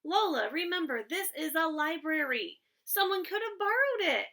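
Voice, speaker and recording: A woman's voice: extremely high pitch, sing-song, normal speed, pushed and bright, pitched above the performer's own voice, full character voice. A woman voicing a patient older brother, a young boy coaxing his little sister.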